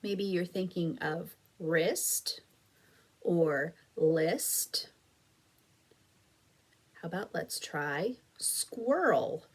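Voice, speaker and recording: A woman's voice: lowish voice, animated, extremely slow, pauses often, slightly rough. A woman teaching an early reading lesson for young children, patient and encouraging, sounding out and stretching words carefully. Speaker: elementary school teacher. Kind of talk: slow, clear phonics lesson video for children.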